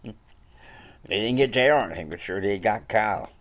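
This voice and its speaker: A woman's voice: extremely low pitch, animated, moderate pace. A woman casually retelling a story, hesitant, repeating words and adding asides.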